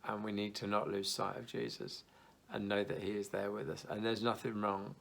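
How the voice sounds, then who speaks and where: A man's voice: on the low side, little pitch movement, moderate pace, vocal fry, a bit bright. A young man giving an informal video devotional in an earnest, conversational, reassuring way.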